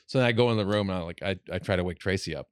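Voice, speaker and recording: A man's voice: low-pitched, rapid-fire, smooth, dry recording, studio quality. Rambling, foul-mouthed male podcast host. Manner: rambling storyteller, swears freely, many restarts. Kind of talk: casual podcast chat.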